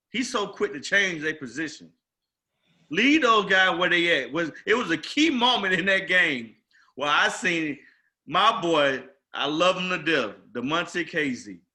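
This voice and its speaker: Sports talk host, male, high and very sharp-toned voice, emphatic rambling delivery. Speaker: podcast host.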